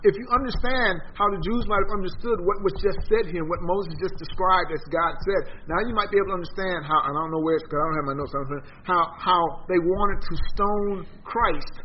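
A man leading an informal Bible study, animated and emphatic, often repeating words as he teaches. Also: a little fast. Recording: dull low-fi sound with faint noise.

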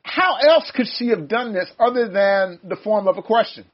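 A high-voiced man leading a relaxed Bible study, animated and quick to laugh, slipping into preachy asides. The sound is dull and lo-fi. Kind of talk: casual Bible study discussion.

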